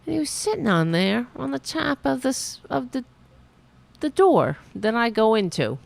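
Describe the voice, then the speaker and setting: A woman hosting a livestream show, telling stories in a sarcastic, animated way with casual profanity. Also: a little high, moderate pace, creaky. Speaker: show host.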